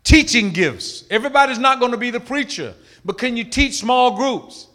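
Emphatic preaching man, bright voice. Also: extremely high pitch, expressive, normal speed. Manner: emphatic preaching with swings from loud to hushed. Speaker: pastor. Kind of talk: sermon.

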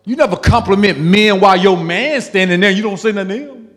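Casting: male pastor, high tenor, emphatic call-and-response sermon, long church-hall echo. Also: brisk. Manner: emphatic, call-and-response preaching with sudden loud peaks.

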